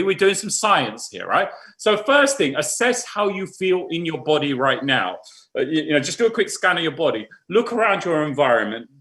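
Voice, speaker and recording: A British man leads a live-streamed panel with a high voice that climbs and dips a lot. His tone is bright and forceful, and he coaxes his listeners in an animated, jokey way. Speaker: host leading a group exercise.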